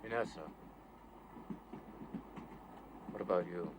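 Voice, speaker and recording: A man's voice: deep voice, fast, background noise, close to an everyday voice. An actor playing a stern middle-aged male revolutionary leader in a TV drama, questioning and pressing others. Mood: firm. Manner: probing, building into shouting. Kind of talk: 1980s TV drama acting.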